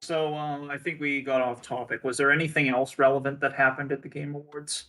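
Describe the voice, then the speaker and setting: A man's voice: medium pitch, flat delivery, fairly quick, bright, forceful tone. A young man chatting on a casual gaming livestream. He speaks plainly and matter-of-factly, dropping dry quips between points. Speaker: stream co-host.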